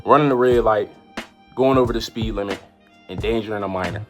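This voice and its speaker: A young woman telling a story in a casual vlog, animated and full of repeated "like"s. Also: rumbling low, a little fast, soft background music. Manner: animated, lots of "like" and repeated phrases.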